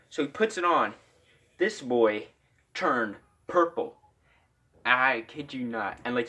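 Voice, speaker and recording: A man's voice: medium pitch, fairly bright tone. A young man from Iowa telling a casual story-time tale, rambling with lots of "like" fillers.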